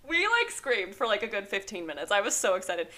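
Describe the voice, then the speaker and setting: A young woman co-hosting a book podcast in casual chat, bubbly and quick to laugh. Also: mid-range voice, huge pitch swings, sharp tone. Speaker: podcast co-host.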